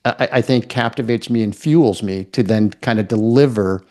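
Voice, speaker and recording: A man's voice: fairly low pitch, normal speed, a little mellow. A middle-aged man, a guest in an interview, speaking reflectively and repeating words as he restarts his thoughts. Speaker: podcast guest.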